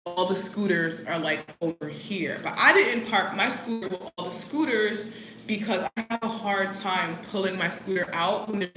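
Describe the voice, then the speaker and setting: A woman's voice: lowish voice, reverberant, poor audio. A young American woman casually telling stories to the camera, chatty and full of fillers. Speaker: vlogger. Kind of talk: casual storytelling chat.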